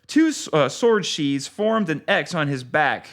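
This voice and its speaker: Author reading his book aloud, fairly high male voice, lively intonation. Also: a little slow. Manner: expressive reading, relaxed when chatting. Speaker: author and guest. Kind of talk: reading his novel aloud, then casual chat.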